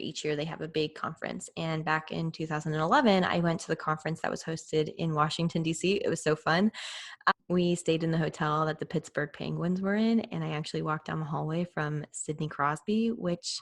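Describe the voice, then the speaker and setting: A woman, hosting a parenting podcast in a chatty, animated storytelling manner. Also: fairly low pitch. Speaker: parent coach and podcast host. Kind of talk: casual podcast monologue.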